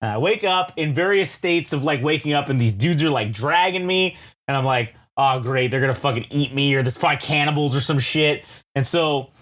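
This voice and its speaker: A man's voice: fairly high pitch, fairly quick. A man co-hosting a music podcast, telling a long rambling story in casual chat, swearing freely and acting out the characters in it. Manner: animated, swearing, acts out characters in his story. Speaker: podcast co-host.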